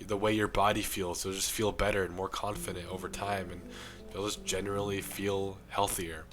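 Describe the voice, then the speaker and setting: A young man talks straight to camera in a low, rough voice worn down by illness. He preaches self-improvement with urgent conviction, and music plays clearly underneath. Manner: preachy, impassioned. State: sick, losing his voice. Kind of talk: earnest monologue to camera.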